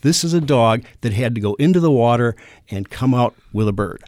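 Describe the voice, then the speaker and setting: Measured man explaining dog judging. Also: mid-range voice, lively intonation, darkish tone, dry recording, studio quality. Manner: measured, explanatory, with frequent fillers. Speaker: kennel club president and dog show judge. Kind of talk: casual radio interview.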